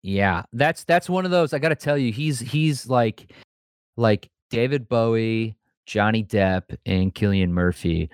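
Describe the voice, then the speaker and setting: Low-voiced podcast man, swearing casually. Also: a little slow, clear, resonant tone, no room sound, clean studio sound. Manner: profane, relaxed, joking. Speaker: podcast co-host. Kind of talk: casual chat.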